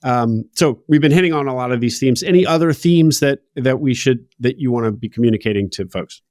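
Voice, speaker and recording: A man's voice: mid-range voice, brisk, a little mellow, no echo, studio quality. A man hosting a business interview podcast, asking long rambling questions in an upbeat way. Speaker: podcast host.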